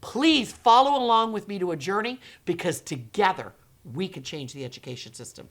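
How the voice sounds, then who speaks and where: A middle-aged woman educator talks directly to her viewers with a lively, swooping pitch. She turns dramatic, acting out the reactions she expects with gasps and hushed whispers. Her voice sits in the middle of the usual range. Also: moderate pace. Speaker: educator running her own company and channel. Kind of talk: direct-to-camera talk.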